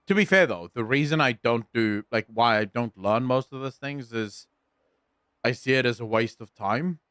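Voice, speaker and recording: A man's voice: medium pitch, normal speed, fairly bright tone, clean tone, no room sound, studio quality. A young man streaming casually, swearing often and arguing back at his chat with exasperation.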